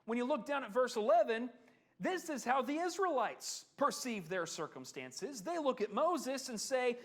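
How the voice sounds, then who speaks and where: Guy teaching a bible class, high voice that swoops all over, chatty, keeps asking the room questions. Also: normal speed. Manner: animated, conversational, asks the class questions. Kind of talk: adult Bible class lesson.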